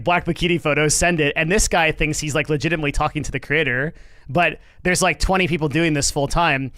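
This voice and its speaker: A man's voice: a little high, sharp tone, dry recording. A man hosting a business livestream, talking in a loose, rambling, casual way and swearing freely. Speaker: livestream host.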